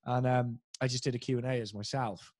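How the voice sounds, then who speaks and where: A man's voice: mid-range voice, steady tone, fairly quick, darkish tone, no echo. A young Welsh man, a guest impressionist, chatting casually on a podcast and telling self-deprecating, sweary stories. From Wales.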